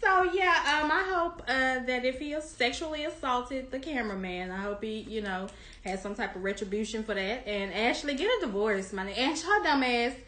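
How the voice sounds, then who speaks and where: High, bright-voiced woman co-host. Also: moderate pace, echoey room. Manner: blunt, profane, animated. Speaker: podcast co-host. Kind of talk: casual chat.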